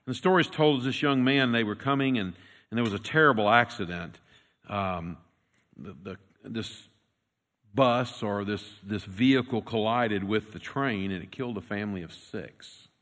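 A man preaching a sermon as pastor, telling a story and swinging from loud, urgent lines to hushed, quiet ones. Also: fairly low pitch. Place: church sanctuary. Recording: long reverb with faint music.

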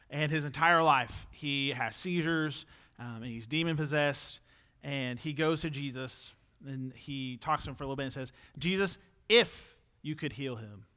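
A young man delivering a sermon with a bright, forward tone and a slightly higher voice than most men. He talks conversationally, then lifts into emphatic peaks when he drives a point home. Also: clean tone. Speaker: preacher.

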